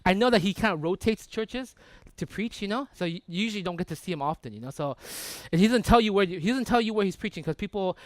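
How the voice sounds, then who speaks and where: A male pastor with a high, bouncing voice preaches in a loose, chatty way and keeps checking in with his listeners. The sound is close and dry, with no room around it. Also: fast, no room sound. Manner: animated, conversational, often asks "right?". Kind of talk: sermon with storytelling.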